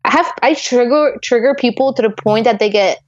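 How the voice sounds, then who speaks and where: A woman's voice: on the high side, a little fast, no echo, muffled recording. A young woman from Poland, a guest on an interview, chatting in an upbeat, bubbly way with many fillers. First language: Polish. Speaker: guest, intuitive artist. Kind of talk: casual interview chat.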